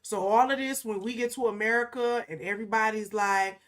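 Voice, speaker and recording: A woman's voice: on the high side, steady tone, brisk. A woman co-hosting a podcast in casual, emphatic conversation, often punctuating her points with "okay?" and slipping into mocking quoted asides. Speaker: podcast co-host.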